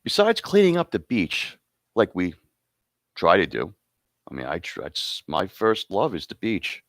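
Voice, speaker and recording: A man's voice: sits low, huge pitch swings, unhurried, a bit bright, no echo. A man hosting an awards show, rambling and joking casually between announcements. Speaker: host presenting awards.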